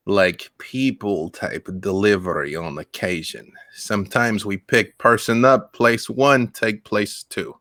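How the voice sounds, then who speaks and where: A man putting on a slow-talking Russian tracksuit mobster. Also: fairly low pitch, a bit bright, no room sound, studio quality, exaggerated voice. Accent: put-on Russian accent. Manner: slow, broken English, clipped phrases. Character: thirty-something male Russian mobster in a tracksuit.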